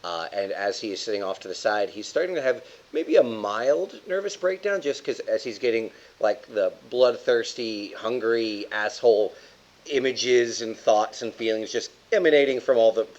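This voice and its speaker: Man, tabletop player, low voice, casual narration, muffled sound. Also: normal speed. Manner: joking, then steady narration of his character. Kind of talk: casual tabletop role-play. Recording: dull lo-fi sound.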